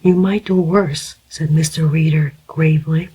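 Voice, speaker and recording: Whispered role-play, fussy older male investigator, gentle and grave, very breathy whisper. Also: mid-range voice, steady tone, a little slow, poor audio. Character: mild, fussy older male inquiry agent.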